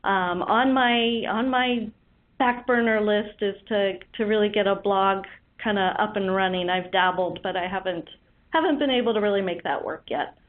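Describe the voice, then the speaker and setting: A woman's voice: mid-range voice, normal speed. Friendly woman dietitian over the phone. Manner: friendly, hesitant with fillers. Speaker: dietitian guest. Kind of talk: casual phone interview. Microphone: phone line. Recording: tinny phone line.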